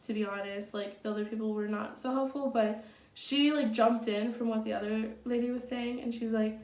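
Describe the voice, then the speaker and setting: A woman's voice: fairly high pitch, fairly even intonation, moderate pace, a little mellow, far from the mic. Chatty young woman in an echoey room. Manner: chatty, many fillers, blunt and profane. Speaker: vlogger. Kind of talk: casual storytime.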